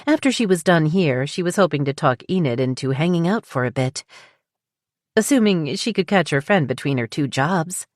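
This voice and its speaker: A woman reads a romance audiobook with a low, steady voice and measured pacing. She is close to the mic, and the sound is dry, with no room around it. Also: dry recording. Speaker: audiobook narrator. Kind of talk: scripted narration.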